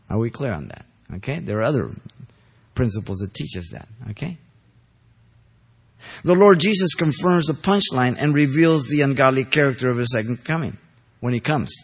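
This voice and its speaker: A man preaching an expository sermon, stressing key phrases loudly and then dropping low, pausing to ask listeners if they are following. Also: sing-song, husky. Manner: asks the congregation checking questions.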